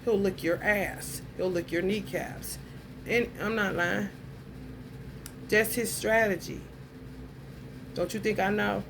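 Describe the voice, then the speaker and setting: A woman's voice: medium pitch, fairly even intonation, slow, gravelly, pauses often. A woman in a mid-range voice talks straight to her viewers in a blunt, heated rant. She swears freely as she works through her story, and a faint hiss sits under her voice. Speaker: vlogger. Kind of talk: casual monologue to camera.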